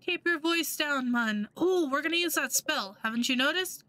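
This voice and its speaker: A woman voicing a cocky young male thief in a game, hushed and brusque. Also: sits high, expressive, moderate pace, dry recording. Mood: scheming.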